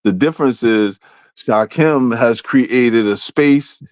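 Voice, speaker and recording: A man co-hosting a casual online talk show, excitable and repetitive as he breaks down drama. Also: mid-range voice, slow pace, no room sound, lo-fi sound. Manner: excitable, repeats himself, says bro a lot. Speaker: co-host. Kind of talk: casual commentary chat.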